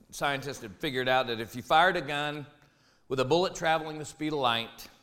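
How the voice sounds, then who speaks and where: During a sermon, a pastor shares a funny story from his own life, playful and lively, going quiet and low and then bursting into shouts. There's a faint hiss or hum in the recording.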